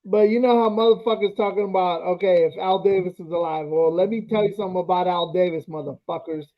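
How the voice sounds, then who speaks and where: High-voiced guy swearing about football history, blunt, sounds like he's on a phone. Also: steady tone, fast talker. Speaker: podcast co-host. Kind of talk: profane sports talk. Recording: tinny phone-like audio.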